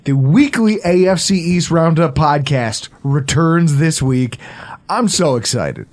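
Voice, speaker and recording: A man in his thirties hosting a casual sports podcast, excitable and swearing freely, often laughing. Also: a little high, takes it slowly. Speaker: podcast host.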